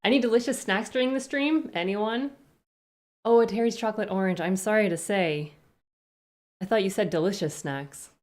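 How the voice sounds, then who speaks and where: A woman's voice: mid-range voice, moderate pace, darkish tone. A woman streamer chatting casually on a live stream, greeting viewers one by one with rambling asides.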